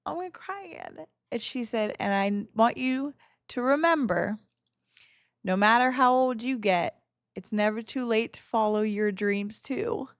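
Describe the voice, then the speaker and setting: Woman streamer in her thirties, casual and excitable, a bit high, close dry mic. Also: clean tone, dry recording. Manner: excitable and emotional, swearing, quick laughter. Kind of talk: casual livestream chat.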